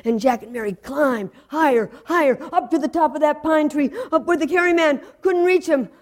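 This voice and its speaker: A woman telling a folktale in an expressive, rhythmic way with sound effects. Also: sits high, normal speed. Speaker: storyteller. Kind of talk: folktale storytelling.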